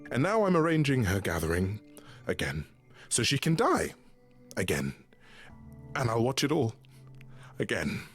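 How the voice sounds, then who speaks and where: An actor playing a weary, grieving male god who cares for his suffering mother, speaking in a halting, confiding way. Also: medium pitch, wildly swooping pitch. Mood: sorrowful. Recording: game audio with faint music.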